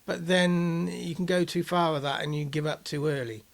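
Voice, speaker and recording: A man's voice: on the high side, fairly even intonation, moderate pace, vocal fry. A man co-hosting a casual podcast, reflective and hesitant with frequent fillers. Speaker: podcast co-host.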